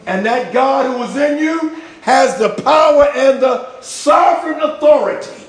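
A man preaching a sermon with passion, using street slang, swinging between loud shouts and low hushed lines. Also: expressive, unhurried, roomy sound. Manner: uses street slang for emphasis.

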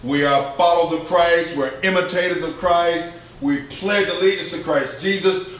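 A male preacher delivering a sermon, swinging between loud shouts and quiet asides and acting out the grumbling voices of churchgoers. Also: a little high, steady tone, normal speed, slight background noise. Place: church hall with congregation. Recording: echoey room with faint ambience.

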